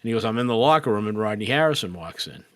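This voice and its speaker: A man with a fairly low voice tells a long anecdote in casual podcast chat. He acts out the people in the story as he goes. The sound is dry and close. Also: rapid-fire, no room sound. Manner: animated, quotes people in his stories. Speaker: podcast guest. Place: podcast recording.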